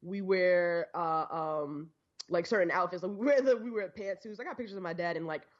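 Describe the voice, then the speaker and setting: A woman's voice: lowish voice, normal speed, lo-fi sound. A young woman with a New York accent, a guest on a casual podcast, chatting and laughing as she tells stories about home. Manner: chatty, laughing, loose pacing. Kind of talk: casual chat.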